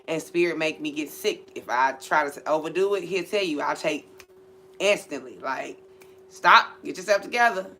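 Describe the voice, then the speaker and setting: A woman reading for viewers, talking about spiritual topics in a blunt, profane, animated way. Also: deep voice, normal speed, a little hiss or hum. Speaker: spiritual reader and channel host. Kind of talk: casual spiritual chat.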